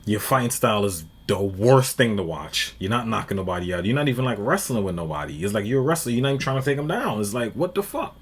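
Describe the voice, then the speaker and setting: A man's voice: on the low side, animated, quick pace, few pauses, slightly rough. A man giving blunt, profane reaction commentary on a fight video, ranting with lots of swearing. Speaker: reaction streamer.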